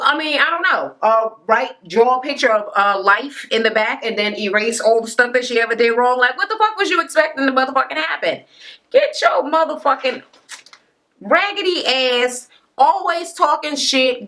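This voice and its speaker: A woman rants through a reality TV recap with sass and plenty of swearing. Her voice sits fairly high and sounds bright and forceful. She slips into the cast members' lines as she tells it. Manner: sassy, profane, acts out cast members' quotes in higher voices. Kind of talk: casual profane rant recap.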